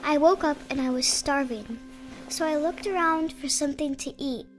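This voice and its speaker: A woman voicing a hungry, curious young girl reading her diary aloud in a game, in a soft childlike voice. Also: high-pitched, moderate pace, natural voice. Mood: dreamy. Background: game music.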